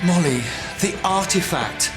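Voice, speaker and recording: A man's voice: sits high, animated, a little slow. An actor playing a worn-down middle-aged male lecturer and stepfather in a TV drama, strained and stern. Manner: strained, stern then pleading. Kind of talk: television soap drama acting. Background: loud guitar music.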